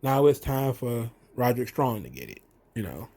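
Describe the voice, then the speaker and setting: Casual male commentator, rambling and animated as he recaps. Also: mid-range voice, normal speed. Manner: rambling, many fillers and restarts, animated retelling. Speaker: wrestling show commentator.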